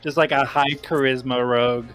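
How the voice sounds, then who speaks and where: A man's voice: mid-range voice, fairly even intonation, normal speed, a bit bright, clean tone, soft background music. A man chatting and joking casually while playing a game, often giggling.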